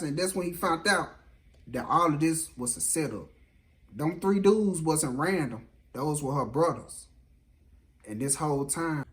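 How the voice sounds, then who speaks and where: Southern male storyteller, slightly high voice, animated, casual delivery. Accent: Southern American. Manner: animated, acts out every voice.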